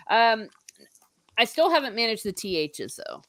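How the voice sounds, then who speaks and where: A woman's voice: fairly high pitch, sing-song, unhurried, a bit bright, no room sound, clean studio sound. A woman with an Irish accent hosting a casual book discussion, chatty and laughing often. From Ireland. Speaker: host.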